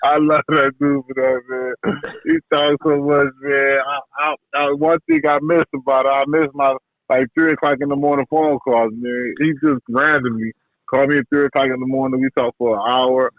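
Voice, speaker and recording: A man who trains boxers tells stories about his mentor in a relaxed, slangy way, often repeating himself. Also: medium pitch, normal speed, no room sound. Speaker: boxing trainer, guest. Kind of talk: casual interview talk. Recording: dull podcast audio, dry.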